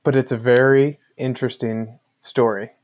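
A man's voice: mid-range voice, flat delivery, normal speed, darkish tone. A man co-hosting a podcast in casual chat, easygoing and explanatory. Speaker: podcast co-host.

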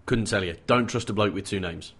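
A man's voice: lowish voice, brisk, fairly bright tone, slightly rough. A man co-hosting a casual book podcast, playfully teasing his co-host about guessing the culprit.

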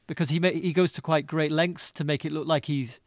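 A man's voice: fairly high pitch, fairly even intonation, fairly quick, dry recording, clean studio sound. A British man on a podcast panel, chatting casually and handing out playful mock-grand verdicts. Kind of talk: casual chat.

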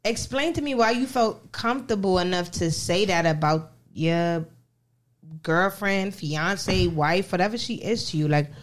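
A woman's voice: on the low side, unhurried. A woman co-hosting a casual chat, brash and sarcastic. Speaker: podcast co-host.

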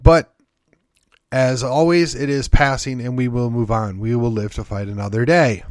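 On his own podcast, a man from Wisconsin offers a folksy, sardonic and emphatic political monologue full of opinions. His mid-range voice keeps fairly even intonation at a moderate pace, captured in clean studio sound with no echo.

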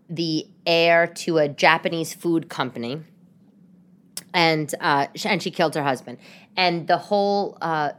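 A woman hosting a casual solo podcast from her living room, chatty and rambling, with sudden sarcastic high-pitched outbursts. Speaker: podcast host.

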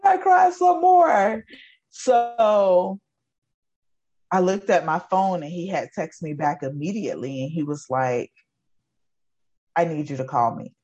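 A woman's voice: low-pitched, a little slow, long pauses, warm tone, muffled recording. Earnest woman in her forties telling her story. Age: 40s. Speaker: guest, educator. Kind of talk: emotional personal testimony.

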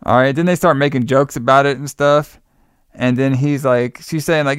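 A man recapping a movie in casual chat, animated, laughing and swearing often. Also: medium pitch, normal speed, smooth, dry recording, clean studio sound.

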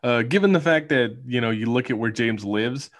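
A man's voice: mid-range voice, normal speed. A man co-hosting a casual movie podcast, musing about filming locations in a rambling way with many fillers. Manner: rambling, filler-heavy, thoughtful asides. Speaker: podcast co-host.

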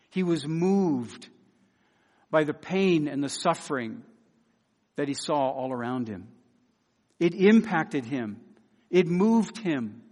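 A man preaching a sermon, earnest and emphatic, repeating key phrases and dropping softly into pleading quotes. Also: high-pitched, big-room sound.

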